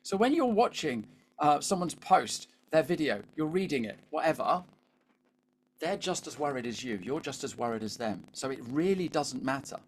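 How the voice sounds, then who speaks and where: A man's voice: a little high, sing-song, moderate pace, slight background noise. Chatty British man coaching a webinar. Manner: chatty, keeps asking the audience "all right?". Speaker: LinkedIn coach. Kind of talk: live webinar coaching talk.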